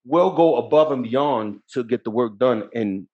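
A man's voice: mid-range voice, unhurried, dull audio. A young man co-hosting a podcast in casual chat, blunt and swearing freely as he tells work stories. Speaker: podcast co-host.

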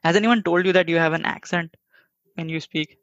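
A man's voice: fairly high pitch, fairly even intonation, a little fast, a bit bright, no room sound, lo-fi sound. A man from India co-hosting a podcast, chatting casually in a wry way and laughing as he talks. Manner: wry, laughs while talking. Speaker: podcast co-host. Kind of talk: casual chat.

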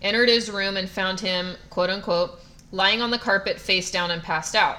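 A woman's voice: mid-range voice, normal speed, bright, forceful tone. A woman co-hosting a podcast, telling a story in a wry, matter-of-fact way. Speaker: podcast co-host. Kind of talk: casual chat.

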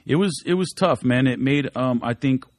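A man's voice: mid-range voice, normal speed, no room sound, clean studio sound. A man talking in a casual podcast interview, laid-back and swearing freely as he rambles through stories. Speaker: guest rapper. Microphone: studio microphone.

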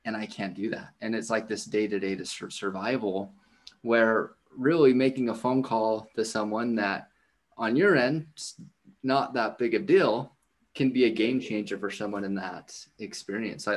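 A man's voice: lowish voice, steady tone, moderate pace. A man hosting a conversation, reflecting thoughtfully on grief, with many fillers.

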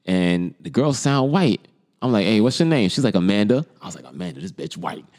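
A man in his thirties with a New York accent, talking on a podcast with a low voice that rises and falls a great deal. He tells a story in a loose, casual way and acts out the lines of the people in it. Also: very animated, fairly quick, darkish tone. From the Bronx, New York. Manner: laid-back storyteller, acts out quoted lines. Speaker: podcast co-host.

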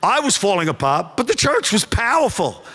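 Brief: middle-aged male pastor, high and bright, impassioned sermon, long hall reverb. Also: sing-song, normal speed, husky. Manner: impassioned, rises to shouting then drops to hushed storytelling.

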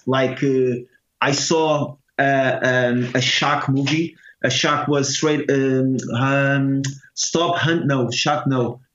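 Halting Portuguese-accented man, echoey room. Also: medium pitch, steady tone, fairly bright tone. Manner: halting, many restarts and fillers. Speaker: guest telling a personal story. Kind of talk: casual storytelling. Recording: echoey, muffled room sound.

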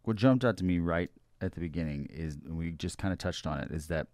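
A man's voice: low-pitched, a little fast, darkish tone, no room sound. A man co-hosting a lunchtime devotional show, joking at times and earnest when he explains scripture. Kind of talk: casual devotional chat.

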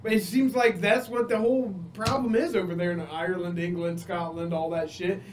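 A man's voice: high-pitched, steady tone, brisk, reverberant, distant mic. A tipsy man co-hosting a podcast, laughing often and chiming in during casual chat. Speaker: podcast co-host.

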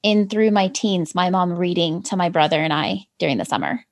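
A woman's voice: on the low side, brisk, vocal fry. A woman in her forties hosting a casual chat, talking in a chatty, confessional way and laughing easily.

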